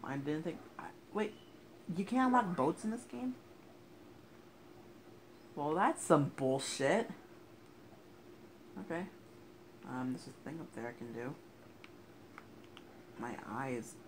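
A man's voice: a little high, expressive, slow pace, long pauses. A man playing through a video game and commenting, often frustrated and swearing at it. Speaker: gamer. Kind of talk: let's play commentary. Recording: noisy game audio with sirens. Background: police sirens and game sounds.

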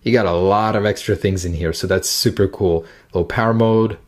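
A man's voice: low-pitched, moderate pace. A man giving a casual, upbeat and chatty walkthrough as a tech reviewer.

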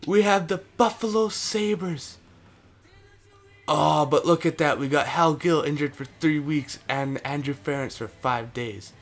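Excitable man commentating his own game. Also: on the high side, unhurried, soft background music. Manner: excitable, cheers and curses at the game. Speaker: gaming commentator.

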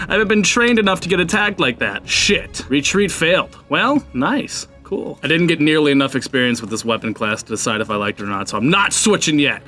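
A young man hosting a gaming channel, giving jokey live commentary over his play, swearing and yelping in high shouts whenever he gets attacked. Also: animated, fast talker, a little hiss or hum.

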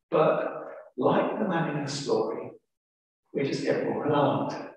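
A man with an English accent preaching a sermon, telling a story with dramatic emphasis. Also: medium pitch. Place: large church. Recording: echoey church from far off.

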